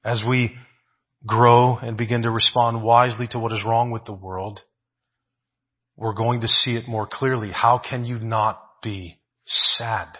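A man's voice: mid-range voice, flat delivery, measured pace, slightly rough, lo-fi sound. A man preaching a sermon, asking rhetorical questions, often adding "right?" and repeating phrases for emphasis.

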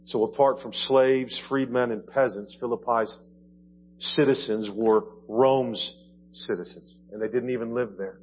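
A man's voice: mid-range voice, steady tone, measured pace. A man from Ohio preaching a sermon in a church, explaining with conversational asides. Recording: dull lo-fi church audio, faint hum.

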